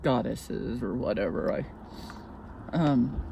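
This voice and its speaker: A woman's voice: a bass voice, expressive, slow pace, vocal fry, dark tone, a little hiss or hum. A woman ranting into her own vlog, swearing constantly and sounding agitated, talking from inside a car. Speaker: vlogger. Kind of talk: casual vlog rant.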